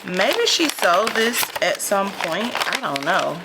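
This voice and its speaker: A woman's voice: medium pitch, big pitch swings, slow pace, very noisy. A woman vlogger chatting casually to her viewers while unboxing a mystery box, calling them y'all. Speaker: lifestyle vlogger.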